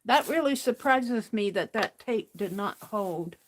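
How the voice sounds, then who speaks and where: Slow, unhurried woman crafting and talking to herself. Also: medium pitch, animated, a little hiss or hum. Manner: muttering to herself while working, slow and unhurried. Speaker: craft livestream host. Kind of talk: casual crafting commentary.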